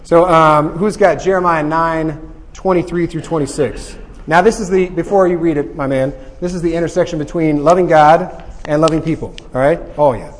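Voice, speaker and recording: A man teaching a Bible study group in a lively, joking way, often checking in with "right?". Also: on the high side, normal speed, big-room sound.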